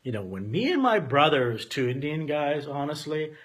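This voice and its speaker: Bright-voiced, emphatic man telling his story. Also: on the high side, expressive, moderate pace. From Canada. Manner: emphatic, profane, swings from loud to quiet. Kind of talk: candid personal storytelling.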